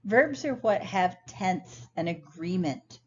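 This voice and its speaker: A woman with a lowish voice teaches a recorded lesson at a steady, patient pace. The sound is dull and lo-fi, with faint noise underneath. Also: slow. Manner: clear, patient explaining. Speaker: ESL instructor. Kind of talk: recorded lecture over slides.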